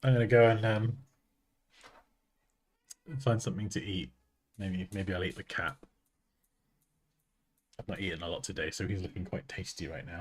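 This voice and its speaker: A man's voice: deep voice, fairly even intonation, normal speed, pauses often, slightly rough. A man chatting casually while streaming from his desk at home, joking and laughing at himself as he talks. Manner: joking and self-mocking, laughs often. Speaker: streamer and design tutor. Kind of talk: casual live-stream chat.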